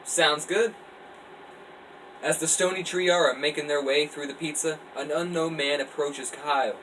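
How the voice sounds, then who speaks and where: A man reading a story aloud in a relaxed, offhand way, his voice bright and clear. He sounds set back from the mic, with a faint air-conditioner hum running behind him. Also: on the high side, normal speed, distant mic, poor audio. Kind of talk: casual read-aloud storytelling.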